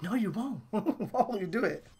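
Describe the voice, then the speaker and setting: A woman with a hoarse, partly lost voice giving casual commentary on her game pulls, excitable and bursting into laughs and shouts. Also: mid-range voice, moderate pace, a little hiss or hum. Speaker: gaming channel host.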